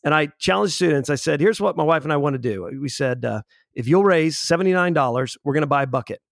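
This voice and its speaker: Male guest in his forties, gravelly voice, dry close sound, earnest storyteller who restarts his sentences. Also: on the high side, animated, quick pace, no echo. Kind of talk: conversational storytelling.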